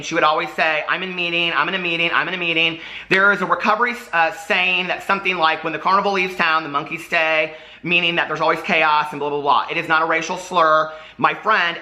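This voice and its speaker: Man with a very bright, sharp voice. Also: fairly high pitch. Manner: halting and earnest, with many fillers. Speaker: vlogger explaining old posts. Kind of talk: apology video monologue.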